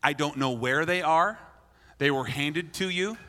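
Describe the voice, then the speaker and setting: A male preacher with a forceful, bright, slightly high voice delivers a blunt, playful sermon. He acts out the quoted lines. His voice rings through a large hall with a long reverb tail. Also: measured pace. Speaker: pastor.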